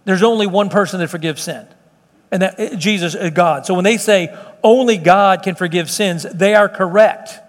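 A man's voice: high voice, moderate pace, big-room sound. A middle-aged man preaching a sermon in an earnest, conversational way, often restarting his sentences. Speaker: pastor. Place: church meeting room.

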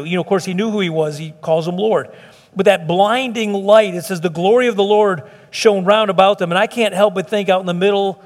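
Middle-aged pastor, conversational sermon, high-pitched, reverberant sanctuary. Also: male voice. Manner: conversational preaching with restarts and acted quotes. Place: church sanctuary. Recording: long hall reverb.

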